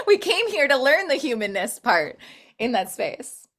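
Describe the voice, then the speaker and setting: A woman's voice: high-pitched, very animated, measured pace, a bit bright. A woman talking earnestly in a casual spiritual podcast chat, flowing speech full of "like".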